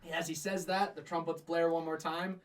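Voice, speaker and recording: A man's voice: on the high side, little pitch movement, normal speed, distant mic. A man narrating a tabletop game as game master, rambling with many fillers. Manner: rambling, filler-heavy, frequent laughs.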